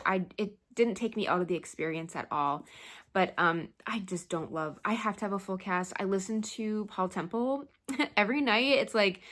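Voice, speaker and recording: Woman, young adult, book vlogger, chatty, animated, laughs between thoughts. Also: mid-range voice. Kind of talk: casual chat.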